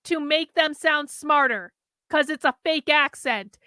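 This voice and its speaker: A woman's voice: high-pitched, unhurried, bright, forceful tone, dry recording, clean studio sound. A woman hosting a show, giving mocking reaction commentary to a video with sarcastic, repeated jabs.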